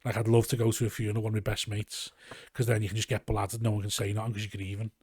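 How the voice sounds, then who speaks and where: A young Scouse man, a comedian, chatting casually in a podcast, rambling and animated as he tells stories and swears freely. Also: lowish voice, racing, slightly rough. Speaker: comedian guest. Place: garage.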